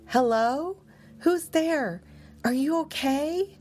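Storybook hero dog, young and male, quick to fret or fume, read by a woman, slow and lifted. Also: medium pitch, sing-song, breathy edge, soft background music, exaggerated voice. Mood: worried.

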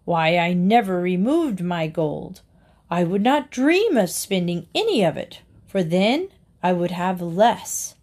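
A woman's voice: fairly low pitch, big pitch swings, slow, darkish tone, heavily acted. A woman voicing a greedy old male miser who cries out wildly over his stolen gold in a storybook reading. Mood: indignant. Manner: wild, angry crying out.

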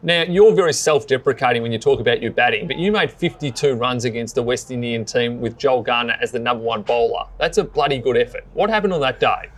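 A man's voice: medium pitch, quick pace, few pauses. A man interviewing a guest, prompting him with teasing questions. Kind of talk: conversational interview.

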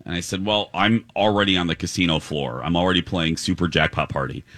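A man co-hosting a radio show, telling a lively story and mimicking high voices. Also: quick pace, dry recording, studio quality. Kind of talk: storytelling banter.

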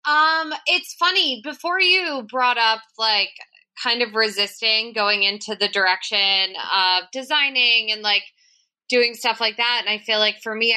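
A woman hosting a casual interview, bubbly with quick asides. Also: medium pitch, bright, forceful tone, smooth. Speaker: podcast host.

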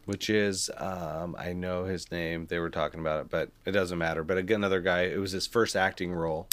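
A man's voice: deep voice, steady tone, a little fast, no room sound. A man co-hosting a podcast, casually recapping a movie and chiming in with trivia. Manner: chimes in with trivia, laid-back.

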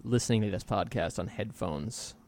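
A man's voice: lowish voice, normal speed, darkish tone, slight background noise. A man co-hosting a podcast in casual banter, sarcastic and incredulous, swearing often. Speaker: podcast co-host.

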